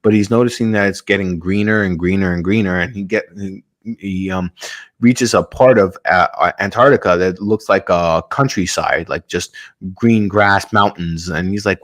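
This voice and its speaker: A man's voice: sits low, moderate pace, fairly bright tone. A man hosting a podcast, retelling a story in a casual, rambling way with many fillers and some swearing. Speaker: podcast host.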